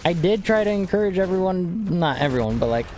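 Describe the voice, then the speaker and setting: A man's voice: high-pitched, animated, a little fast, a little mellow, a little hiss or hum. A young man chatting casually to viewers on a game stream, laid-back and rambling, calling people bro. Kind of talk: casual live-stream chat while gaming.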